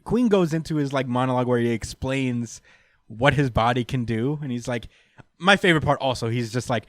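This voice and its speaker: A man's voice: medium pitch, fairly quick, no echo. A young man in casual podcast chat, recapping a story with lots of laughter and acted-out character lines. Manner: animated, laughs often, acts out character lines. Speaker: podcast co-host recapping a manga chapter.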